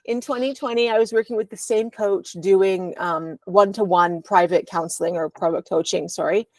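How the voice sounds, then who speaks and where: Woman, podcast guest, rambling candid story, frequent ums, middle pitch, dry close sound. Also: moderate pace, a little mellow, no room sound. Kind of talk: personal storytelling in conversation. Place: at home.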